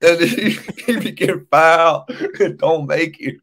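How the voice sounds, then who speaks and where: A man's voice: fairly high pitch, unhurried. Young man ranting about basketball. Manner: animated, emphatic ranting with repeated phrases. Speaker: podcast co-host. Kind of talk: casual sports chat.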